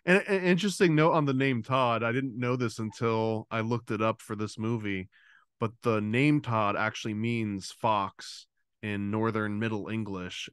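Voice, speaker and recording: A man's voice: fairly low pitch, a bit bright, clean tone, no echo, studio quality. A man co-hosting a podcast in casual chat, enthusiastic and talkative with many fillers. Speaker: podcast co-host.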